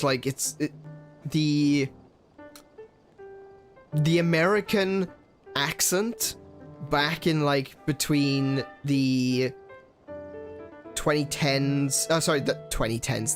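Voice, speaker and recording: A streamer in casual game commentary, rambling and halting with many restarts. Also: mid-range voice.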